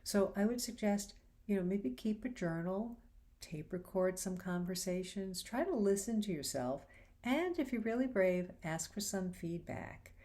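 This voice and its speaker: A woman hosting a faith-based advice show, talking casually and acting out quoted lines with animated shifts in voice. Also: mid-range voice, unhurried. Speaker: host.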